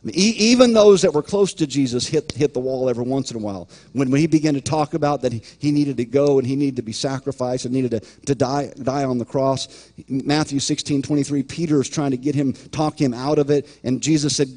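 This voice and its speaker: Mellow-voiced pastor preaching emphatically. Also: male voice, medium pitch, a little fast, few pauses. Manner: emphatic, repeats words, quotes imagined voices. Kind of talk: sermon.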